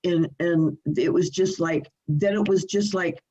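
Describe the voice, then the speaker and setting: A woman's voice: lowish voice, a little slow, dull audio. Older woman telling stories over a video call. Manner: animated, laughing, restarts often. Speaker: singer, interview guest. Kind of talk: storytelling in a remote interview. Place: her home.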